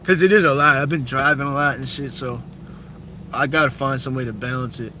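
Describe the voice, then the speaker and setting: A slightly bright, mid-range voice belongs to a young man live streaming while driving around the city. He rambles opinionatedly, talking bluntly and swearing a lot. The audio comes from a noisy car with traffic and street sounds around it.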